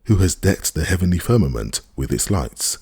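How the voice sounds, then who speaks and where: A tired but kindly little old priest, as a man reads him in an audiobook, hurries through his usual church patter. The voice sits extremely low with a husky, gravelly grain. It lilts up and down a good deal. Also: sing-song, a little mellow, no room sound, studio quality, exaggerated voice. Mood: hurried. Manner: rapid routine church patter.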